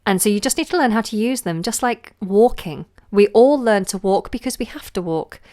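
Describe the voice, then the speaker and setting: A woman, a singing teacher answering viewer questions in a relaxed, chatty way on a live stream. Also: medium pitch, normal speed. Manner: relaxed, chatty, demonstrates sounds with her voice.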